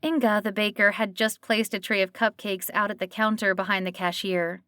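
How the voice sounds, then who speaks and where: A woman narrates a cozy mystery in an even, storytelling voice of middle pitch. The recording is dry and close with no room sound. Her reading is steady and clear. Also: normal speed, no echo. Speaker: audiobook narrator. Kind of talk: scripted narration.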